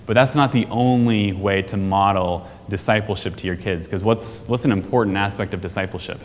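A man's voice: lowish voice, fairly quick, big-room sound, a little hiss or hum. A man giving a casual, conversational church teaching on family discipleship, often asking the audience questions. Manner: conversational, asks the audience questions, frequent "right?".

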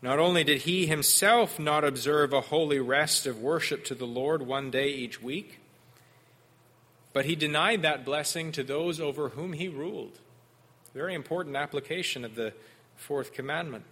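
A man preaching an expository sermon, earnest and measured. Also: fairly high pitch, fairly bright tone. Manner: earnest expository preaching, mimics sarcastic voices in quotes.

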